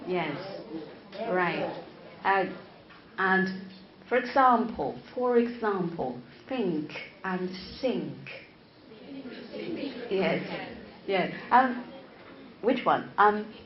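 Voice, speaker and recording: A woman lectures teachers in a lecture room, her mid-range voice expressive against some crowd noise. She is a professor and English teacher-educator whose first language is Chinese, and her slow, deliberate, interactive style features frequent repeated words and "right?" check-ins. The room recording is echoey and slightly dull, with faint noise.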